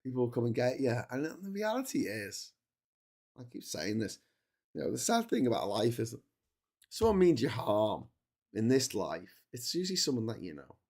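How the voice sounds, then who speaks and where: A man's voice: mid-range voice, very animated, normal speed, mellow. A man hosting a long solo livestream, telling travel stories in a rambling way with many restarts while he is losing his voice. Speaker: livestream host. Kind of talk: casual travel storytelling. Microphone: streaming setup.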